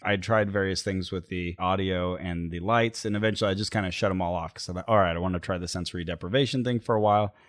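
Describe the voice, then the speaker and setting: Brief: male podcast co-host, very low voice, dry close sound, easygoing and chatty. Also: fast talker, hardly any pauses, no room sound. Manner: relaxed, rambling storytelling with many fillers. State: recovering from illness. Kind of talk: casual chat.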